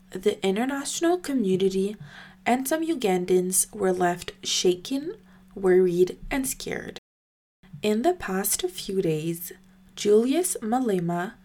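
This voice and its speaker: A woman hosts a news podcast and reads her scripted recap at an unhurried, deliberate pace. Her voice sits in a middle pitch, and she stays careful and even throughout. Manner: measured, careful reading.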